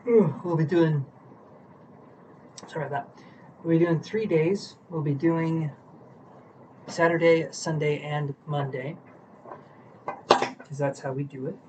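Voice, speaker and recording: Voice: mid-range voice, slow, pauses often, a little mellow, a little hiss or hum, rough recording. A tarot reader chatting casually on a live stream while shuffling cards, sleepy and yawning, greeting viewers and a pet.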